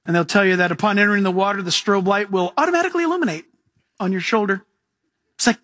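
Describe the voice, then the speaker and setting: A man delivers a sermon in a high, bright, slightly husky voice. He tells stories and cracks jokes with frequent chuckles, slipping into playful impressions of other people. The sound is close and dry. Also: fast talker, no room sound. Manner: mimics other people in lively asides. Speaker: pastor.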